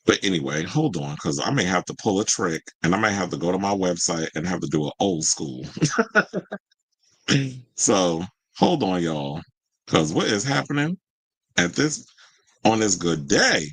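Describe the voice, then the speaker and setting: A man with a fairly low voice hosts a casual live stream, talking straight to his viewers. He reads a news story aloud and breaks off into chatty, slightly irritated asides. The sound is dry and close, with no room echo. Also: very animated, unhurried, pauses often, slightly rough. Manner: chatty, easily irritated, talks to viewers as y'all. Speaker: livestream host.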